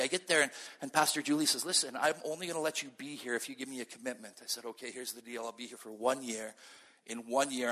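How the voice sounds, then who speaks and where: A man from Canada giving a sermon-style personal testimony, telling his story with acted-out dialogue. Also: mid-range voice. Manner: storytelling, acts out dialogue, animated. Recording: long reverb of a large hall.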